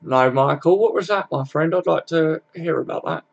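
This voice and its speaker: Bloke chatting on a live stream, gravelly voice, bit high, swears a lot, dull lo-fi sound. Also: male voice, moderate pace. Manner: laid-back, swears freely, greets viewers by name. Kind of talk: casual live stream chat.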